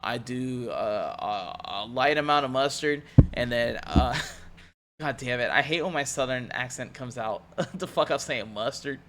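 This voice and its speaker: A man's voice: mid-range voice, a little slow, fairly bright tone, slight background noise. A young man streaming, chatting casually in a rambling, profane way and laughing easily.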